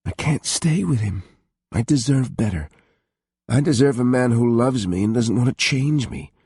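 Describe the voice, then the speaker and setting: A man's voice: medium pitch, lively intonation, normal speed, husky, dry recording, clean studio sound, voice pushed up. A man voicing a tearful young pregnant woman. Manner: soft, weary, choked with tears. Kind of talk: audiobook character voice.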